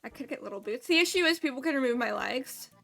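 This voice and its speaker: A woman's voice: high voice, lively intonation, quick pace, vocal fry, pushed and bright, faint music behind. A woman streaming a cozy game, chatting in a playful, silly, giggly way. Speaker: gaming streamer. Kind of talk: casual live-stream chat.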